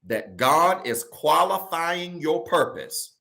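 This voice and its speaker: A male pastor preaching a sermon to a virtual congregation from home, colloquial, often calling his listeners y'all, slowing down to stress key phrases and rushing through asides. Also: a little high, big pitch swings, vocal fry, bright, forceful tone. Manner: preaching with slow emphatic stretches and quick asides.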